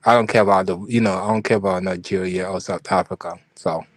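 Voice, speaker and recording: A man's voice: low voice, steady tone, fast, no echo. A man on a casual group call, speaking in an offhand, laid-back way. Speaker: guest.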